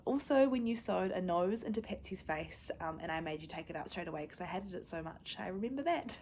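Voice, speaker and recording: Young NZ woman, low and creaky, fond and casual tribute read. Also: a little mellow, slight background noise. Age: 20s. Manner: fond, with small laughs and fillers. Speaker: granddaughter and mother. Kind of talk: heartfelt family tribute message.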